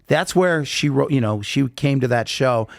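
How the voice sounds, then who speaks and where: Male podcast guest, mid-pitched, animated storyteller, dry close recording. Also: moderate pace, creaky, no room sound. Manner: animated storyteller acting out quotes. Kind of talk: casual chat, storytelling.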